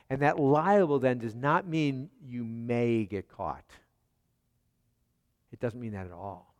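Preacher in a reverberant hall. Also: male voice, mid-range voice, unhurried, long pauses. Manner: asks the congregation rhetorical questions, swings between soft and emphatic. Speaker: pastor. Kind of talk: expository sermon.

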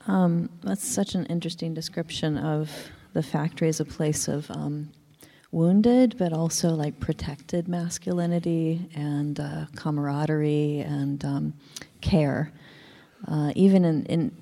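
A woman interviewer posing a thoughtful, measured question with some hesitation. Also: low voice, steady tone, creaky, warm tone.

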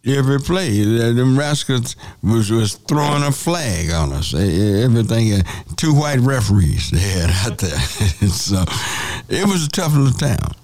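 A man's voice: mid-range voice, big pitch swings, unhurried, a little mellow, no room sound. A man hosting a call-in radio show, arguing insistently with a caller and repeating his points. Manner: argumentative, insistent, repeats phrases.

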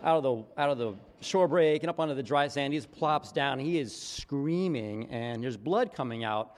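Animated middle-aged male pastor, hall reverb. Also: medium pitch, moderate pace. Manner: animated storytelling with quoted voices. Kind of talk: conversational sermon storytelling.

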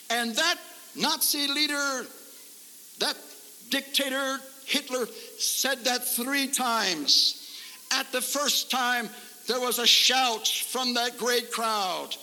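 Before a congregation in a large camp-meeting hall, a man preaches a fervent, emphatic revival sermon, repeating lines for effect. His voice is very high and sharp, and he takes it slowly, with the live recording carrying long hall reverb.

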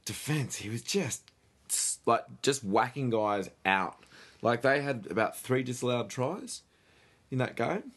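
A man's voice: mid-range voice, lively intonation, a little slow, a bit bright, husky. A man co-hosting a casual sports podcast, enthusiastic and restarting often. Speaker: podcast co-host.

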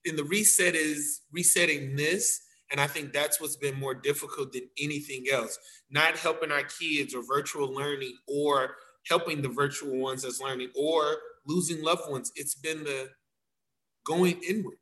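Animated guy, bright voice, pitched a bit high, plays out little dialogues. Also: normal speed, low-quality recording. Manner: animated, acts out quotes of himself and others. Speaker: dance teacher. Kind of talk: casual conversation.

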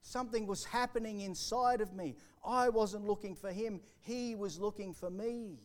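A man preaching live in a church hall. His voice sits a little high for a man, and he swings from fervent, rising emphasis to quiet, hushed storytelling. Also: normal speed. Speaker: pastor. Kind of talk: sermon.

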